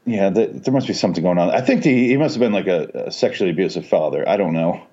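A man with a fairly low voice is chatting casually on a podcast. He swears freely, laughs often and tells stories with energy. The recording sounds dull and lo-fi. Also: fast talker, slightly rough. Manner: profane, laughing, animated storytelling. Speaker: podcast co-host. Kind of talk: casual movie discussion. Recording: dull lo-fi audio.

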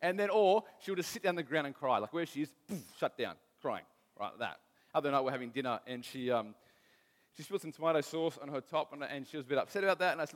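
A man's voice: on the high side, lively intonation, fast, fairly bright tone, long reverb tail. A man, preaching a casual sermon with stories from home, often restarting his sentences. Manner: conversational, self-deprecating, restarts often.

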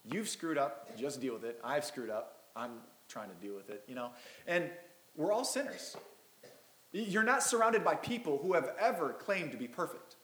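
A man's voice: on the high side, expressive, moderate pace, fairly bright tone, echoey room. A man preaching a Christmas sermon as pastor, reading scripture and breaking in with casual, self-deprecating asides.

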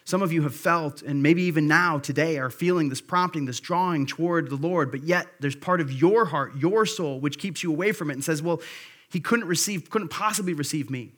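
Earnest, slightly high-voiced preacher. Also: male voice, a little fast, few pauses, a bit bright. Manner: earnest, conversational, repeats key phrases for emphasis. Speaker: pastor. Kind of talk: sermon. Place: church service.

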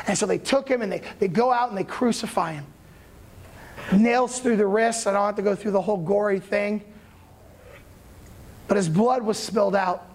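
A pastor preaches casually, retelling an old story in everyday language. The delivery is animated and conversational, with frequent check-ins to the listeners. It sounds like a friendly sermon rather than a formal one. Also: medium pitch.

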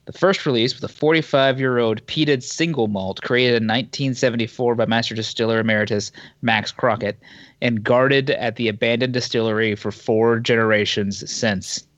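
A man's voice: mid-range voice, steady tone, moderate pace, fairly bright tone, no echo. Male co-host, casual, reads items with small stumbles; dry, slightly dull sound. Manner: reads news items aloud with small slips and asides. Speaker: podcast co-host. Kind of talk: casual chat reading news.

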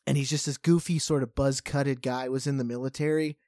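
A podcast co-host with a medium-pitched voice speaks briskly, telling a long, rambling story in casual chat, animated and full of fillers. The sound is clean studio audio with no room sound.

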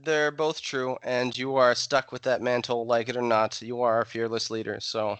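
A man with a mid-range voice hosts a relaxed podcast conversation in an upbeat, playful way. His voice is recorded close and dry, with no room echo behind it. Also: medium pitch, moderate pace, clear, resonant tone. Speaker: podcast host. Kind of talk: casual podcast chat.

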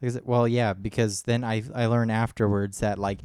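A man's voice: fairly low pitch, level tone, fairly quick, darkish tone, clear, resonant tone, dry recording, clean studio sound. A man co-hosting a podcast, rambling through a story with many restarts and acted-out quotes. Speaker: podcast co-host. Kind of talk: casual chat.

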